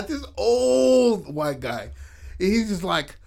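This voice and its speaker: A male podcast co-host chatting casually with a friend. His voice sits somewhat high, and he tells stories with animated energy, laughing often and cursing freely. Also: unhurried, creaky. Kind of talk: casual chat.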